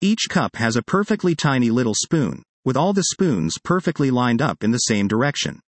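Animated man reading an article aloud. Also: mid-range voice, moderate pace, no echo. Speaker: reader of a magazine article. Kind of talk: read-aloud first-person article.

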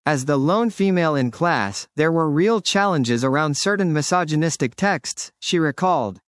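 A man's voice: fairly high pitch, expressive, normal speed, clear, resonant tone, no room sound, studio quality. Man reading a news feature. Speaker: narrator. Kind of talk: reading a newspaper feature aloud.

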